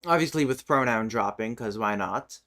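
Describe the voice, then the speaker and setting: A woman's voice: rumbling low, fairly bright tone. A streamer chatting casually while working on a made-up language, muttering to herself as she looks things up. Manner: slow, muttering while typing and looking things up. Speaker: streamer building a constructed language. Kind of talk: casual livestream chat. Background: keyboard typing and clicking.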